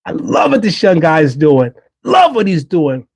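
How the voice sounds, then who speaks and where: A man's voice: on the high side, big pitch swings, normal speed, a little mellow, slightly rough. A middle-aged man hosting a livestream, giving an earnest, emphatic faith-based motivational talk and repeating key phrases. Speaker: livestream host.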